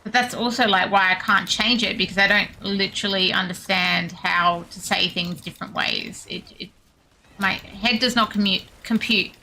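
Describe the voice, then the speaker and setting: A young woman with an Australian accent chats away to her stream while she plays, joking at her own expense and laughing easily. Her voice is bright and forward. A faint hum sits behind her. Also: mid-range voice, steady tone, moderate pace. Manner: chatty, self-deprecating, laughs often, reads chat aloud. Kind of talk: casual gaming stream chat.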